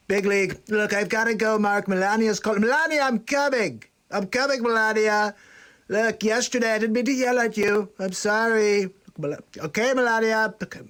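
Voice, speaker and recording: A man putting on an older male politician who talks in a boastful, repetitive and hurried way. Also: high voice, a bit bright, pitched above the performer's own voice.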